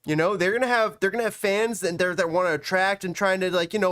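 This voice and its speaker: A man chatting on a soccer podcast, rambling and excitable, sometimes breaking into shouts. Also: high voice, quick pace, no room sound, clean studio sound. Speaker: guest. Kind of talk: casual podcast chat.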